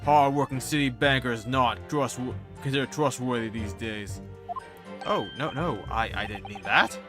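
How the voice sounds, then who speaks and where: A man's voice: mid-range voice, moderate pace, over music, lightly acted. A man voicing a nervous banker witness who stammers and apologises.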